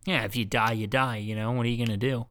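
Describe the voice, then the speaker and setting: Laughing podcast host with a smooth voice. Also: male voice, medium pitch, fairly even intonation, fast talker, fairly bright tone. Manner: laughs often, playfully prods his co-host. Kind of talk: casual chat.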